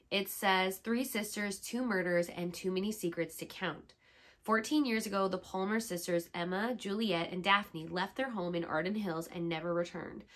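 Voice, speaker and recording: A woman's voice: fairly low pitch, a bit bright. Young woman, sick but upbeat, gushing book-vlog chat and reading blurbs. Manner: enthusiastic, gushing. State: sick, under the weather. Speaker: book vlogger.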